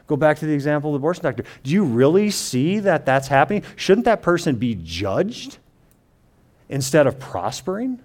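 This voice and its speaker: A preacher with a slightly high, sing-song voice teaches a sermon. He reads the scripture slowly and quietly, then explains it in his own words, frequently restarting and paraphrasing quotes.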